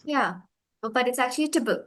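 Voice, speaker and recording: A woman's voice: sits high, moderate pace, fairly bright tone. A young woman with an Indian English accent, patiently explaining pronunciation and spelling out sounds. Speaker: pronunciation teacher. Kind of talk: conversational lesson.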